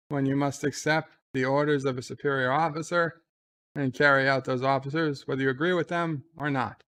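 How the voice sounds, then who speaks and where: A man's voice: mid-range voice, fairly bright tone. A man giving casual live commentary on a TV episode, retelling the scenes in a chatty way. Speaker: show commentator.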